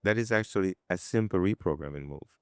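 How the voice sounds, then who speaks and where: Man, podcast host, lowish voice, reflective, repeats himself, dry close sound. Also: quick pace, dry recording. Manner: reflective, repeats words as he builds a point. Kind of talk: casual interview.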